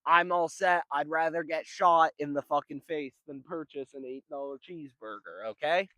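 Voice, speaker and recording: A man's voice: on the high side, normal speed, sharp tone, no room sound. A young man telling a rambling, profane story in a casual vlog. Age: young adult. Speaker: vlogger.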